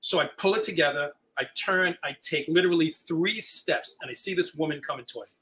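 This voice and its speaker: An older man, a retiring high school teacher, telling stories as an interview guest and acting out the dialogue. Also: fairly quick, low-quality recording. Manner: animated, acts out quoted dialogue. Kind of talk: storytelling chat.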